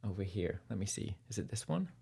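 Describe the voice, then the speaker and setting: A man with a Lancashire English accent softened by North American sounds, chatting casually and rambling between songs as a livestream musician host. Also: lowish voice, very animated, a little fast, creaky, slightly rough. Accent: Lancashire English, partly North American. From Burnley, England. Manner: rambling and chatty, with many fillers.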